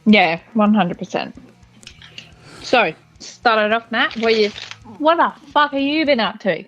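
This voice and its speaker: A woman's voice: on the high side, measured pace, fairly bright tone, highs cut off, soft background music. A woman with an Australian accent co-hosting a podcast, in brash, swearing casual banter. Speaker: podcast co-host. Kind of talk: casual chat.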